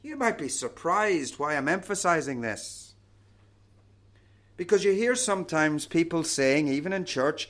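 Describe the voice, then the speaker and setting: Slow, emphatic preacher. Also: male voice, very animated. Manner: slow, emphatic, drops to a low soft close on key words. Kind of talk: sermon.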